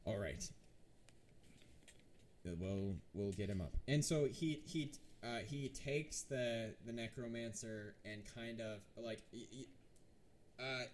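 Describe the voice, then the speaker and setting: A man's voice: medium pitch, slow pace, a little hiss or hum. A man narrating a tabletop game as game master, talking casually with frequent restarts. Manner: hesitant, many restarts and fillers.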